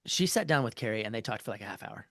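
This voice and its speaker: In a relaxed podcast interview, a man who works as a marriage therapist explains an example conversationally, peppering it with fillers and false starts. His medium-pitched voice is lively, a bit bright, and fast, recorded without room sound.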